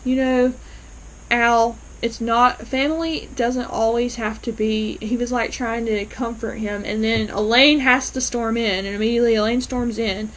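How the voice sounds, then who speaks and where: A woman casually recapping a TV episode, chatty and lively, acting out the lines with lots of fillers. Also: a little high, moderate pace, rough recording. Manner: chatty, lively retelling with frequent fillers and acted-out quotes. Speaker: TV episode reviewer.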